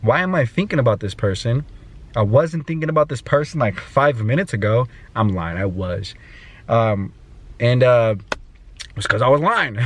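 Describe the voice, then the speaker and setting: A man talking in a personal vlog, rambling and emotional, with many fillers, sometimes talking to himself. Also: mid-range voice. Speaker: vlogger.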